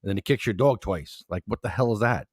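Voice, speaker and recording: Chill podcast host dude, slangy, kinda low voice, dry mic. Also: male voice, fast, dry recording. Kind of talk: casual chat.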